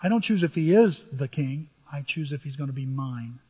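An older male pastor preaches in a husky, high-pitched voice, telling stories with acted-out dialogue. The audio is dull and muffled, and a long reverb hangs on every word as if he were in a large church hall. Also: expressive, normal speed. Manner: conversational storytelling, acts out biblical dialogue. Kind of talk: sermon.

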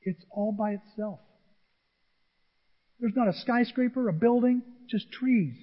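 A man in his sixties preaching a sermon, telling a personal story in an animated, emotional way. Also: very high voice, measured pace. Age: 60s. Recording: echoey hall, dull lo-fi sound.

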